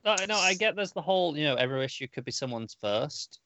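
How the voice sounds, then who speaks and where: A man's voice: fairly high pitch, animated, quick pace, pushed and bright, no room sound. A man co-hosting a casual comic book podcast, easygoing and a little hesitant. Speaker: podcast co-host.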